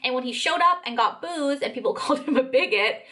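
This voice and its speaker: A woman's voice: high voice, expressive, a little fast, a bit bright. A young adult woman giving a casual commentary vlog, blunt, swearing, with frequent "like" fillers. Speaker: commentary vlogger.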